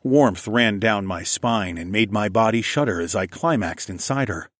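A man narrating a first-person story in a steady, even storytelling voice. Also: on the low side, normal speed, no echo, studio quality. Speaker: audiobook narrator.

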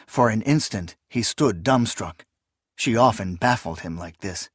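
A man narrating a fantasy novel in an audiobook with measured, even storytelling. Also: on the low side, breathy edge, no room sound, clean studio sound.

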